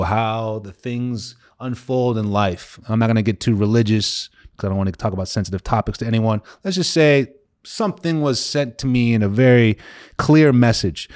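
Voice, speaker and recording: A man in his late thirties speaks as a coach sharing a hard personal story, in a fairly low voice. He talks casually and openly, letting his voice sink quiet when the memories turn painful. The sound is dry and close, with no room around it. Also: moderate pace, dry recording. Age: 30s. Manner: candid, conversational, drops to a low voice on painful parts. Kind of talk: personal story told to camera.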